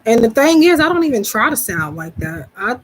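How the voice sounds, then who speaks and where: A woman's voice: a little high, sing-song, fairly quick, a little hiss or hum, poor audio. Chatty Southern woman on a live stream. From Southern United States. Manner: rambling, chatty, self-deprecating, with many restarts. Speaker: psychic reader hosting a live stream. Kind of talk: casual live-stream chat.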